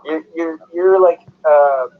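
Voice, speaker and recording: Man, emphatic talker, somewhat high voice, tinny phone audio. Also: takes it slowly. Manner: emphatic, hammers his points. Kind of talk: casual livestream chat. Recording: tinny phone line with faint hiss.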